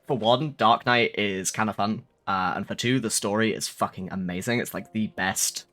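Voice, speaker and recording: A man's voice: lowish voice, normal speed, bright, forceful tone, faint music behind. A young man chatting casually on a live stream, rambling and swearing with lots of fillers.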